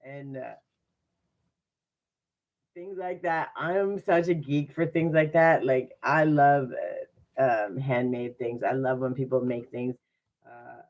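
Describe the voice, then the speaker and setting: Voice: mid-range voice, slow, pauses often, dull audio. A spiritual card reader in a casual livestream reading. The speaker is chatty and upbeat and makes sarcastic, self-mocking asides.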